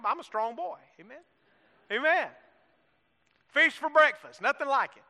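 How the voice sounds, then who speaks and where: A man's voice: extremely high pitch, pushed and bright. A man preaching a sermon with folksy humor, prompting the congregation to repeat phrases and acting out the disciples' lines. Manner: preaching with call-and-response prompts. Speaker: pastor. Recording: long hall reverb.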